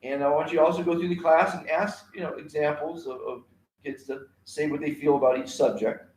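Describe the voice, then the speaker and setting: A man's voice: on the high side, fairly even intonation, fairly quick, darkish tone, roomy sound, slight background noise, rough recording. A man teaching a kindness class alone on a live stream, rambling with many fillers and repeated words.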